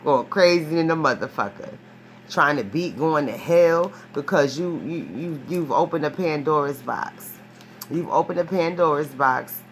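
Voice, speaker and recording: At a measured pace, a low-voiced tarot reader rambles through a casual spoken reading, with a little hiss or hum behind her. Her storytelling is animated, emphatic and profane, full of restarts, and her phrases end on a questioning "right?"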